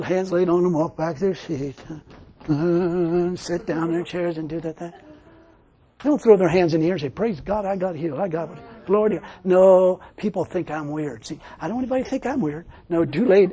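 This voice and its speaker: A man's voice: high voice, mellow, slightly rough, highs cut off. A man preaching a sermon to a church congregation, folksy and emphatic, with casual grammar. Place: church service.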